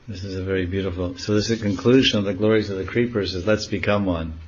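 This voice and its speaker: A man giving a devotional talk, telling a sacred story and explaining scripture in an animated way. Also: on the low side, quick pace, few pauses, muffled recording. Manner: animated, acting out dialogue. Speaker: monk teaching scripture.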